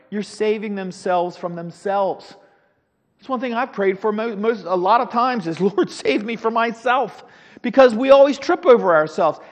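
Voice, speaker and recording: High-voiced man teaching Bible class. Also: long reverb tail, muffled recording. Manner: animated, preacherly, chuckles now and then. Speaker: Sunday school teacher. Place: church classroom.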